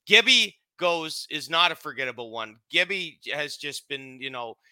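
A man's voice: a little high, animated, moderate pace, bright, forceful tone, smooth, no echo. A Canadian man co-hosting a sports podcast in easygoing chat, rambling and restarting his sentences. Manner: rambling, self-interrupting, chummy. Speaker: podcast co-host.

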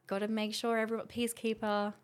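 A woman's voice: fairly high pitch, fast, slight background noise. A woman in her twenties chatting casually as a podcast guest, telling a story with acted-out quotes and frequent laughter. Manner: animated storytelling, acts out quotes, laughs often. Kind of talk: casual chat.

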